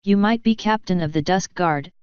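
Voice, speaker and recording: A woman's voice: medium pitch, moderate pace, a little mellow, smooth, no echo, lightly acted. A woman voicing an arrogant, dismissive stallion sergeant with a sneering manner. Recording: dry, slightly muffled.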